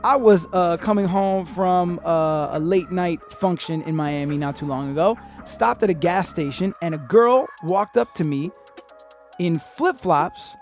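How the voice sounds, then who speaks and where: Man, podcast host, casual rambling story, lots of cursing, slightly high pitch. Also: creaky. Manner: profane, rambling, animated retelling with acted-out quotes.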